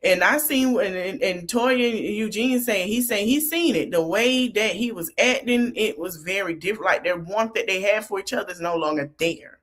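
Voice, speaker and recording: A woman podcast host casually recaps a TV episode, retelling each scene by quoting the dialogue line by line in a loose, chatty style full of fillers. Her voice is medium-pitched and fairly bright, at normal speed with hardly any pauses.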